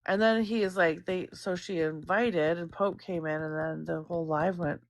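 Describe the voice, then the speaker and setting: Low-voiced woman gossiping casually. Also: fairly even intonation, moderate pace, dry recording. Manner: rambling, swears freely, laughs often. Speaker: guest chatting on stream.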